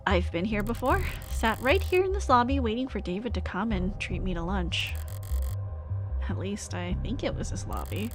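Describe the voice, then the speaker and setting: A woman's voice: mid-range voice, sing-song, normal speed, soft background music, lightly acted. A woman voicing a cynical lawyer from a story game in a dry, world-weary, sarcastic way. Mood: sardonic. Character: cynical, sardonic lawyer narrating a visual novel. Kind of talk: reading a game's lines aloud.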